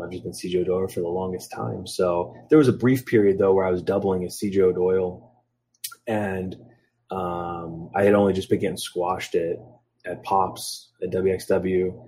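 A man's voice: deep voice, level tone, moderate pace, mellow, slightly rough. A man in his thirties from Philadelphia, a guest on a podcast, telling rambling stories full of ums and acting out quotes as he goes. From Philadelphia, USA. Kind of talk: casual storytelling interview.

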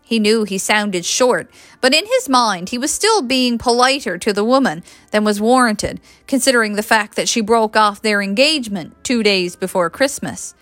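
A woman narrating a story in an expressive reading voice. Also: mid-range voice, moderate pace, dry recording, soft background music. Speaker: audiobook reader.

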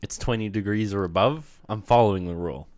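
A man co-hosting a podcast, teasing and reacting with quick swearing comebacks. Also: fairly low pitch, a little mellow. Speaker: podcast co-host. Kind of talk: casual chat.

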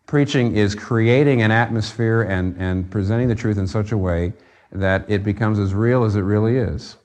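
A man's voice: on the low side, moderate pace, darkish tone. A man preaching a sermon, earnest and conversational, rising to fervent emphasis on key points. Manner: conversational with fillers and restarts. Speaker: pastor.

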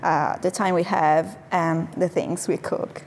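A woman from Genoa, a food coach speaking as a guest, pausing often and filling gaps while she finds her words. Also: lowish voice, steady tone, a little mellow, a little hiss or hum. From Genoa, Italy. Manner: hesitant, many fillers while searching for words. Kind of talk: conversational interview.

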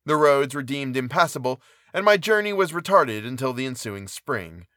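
A man reading a classic novel aloud in a measured, even narration. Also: medium pitch, no room sound, clean studio sound. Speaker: audiobook reader.

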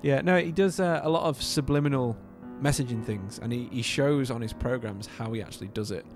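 A man's voice: mid-range voice, brisk, soft background music. A young man co-hosting a podcast, chatting casually and animatedly, swearing and losing his train of thought. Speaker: podcast co-host. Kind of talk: casual chat.

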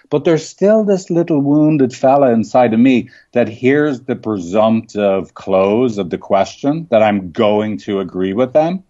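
A man who works as a marriage and family therapist, telling stories in a lively conversational way and often asking "right?". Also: medium pitch, lo-fi sound. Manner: animated storytelling with frequent rhetorical "right?". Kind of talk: conversational podcast interview.

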